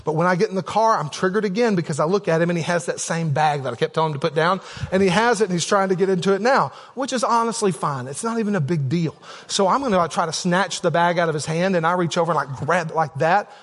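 A man's voice: high-pitched, a bit bright. A man preaching a sermon as a pastor, telling a candid personal story with frequent asides to the congregation. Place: church sanctuary. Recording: long reverb of a church hall.

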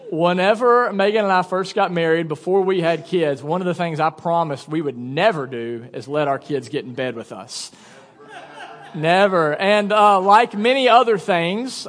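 Pastor, 30s, man, high voice, chatty and joking, long church reverb. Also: fairly bright tone. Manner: casual, joking storyteller. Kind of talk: sermon. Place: church sanctuary.

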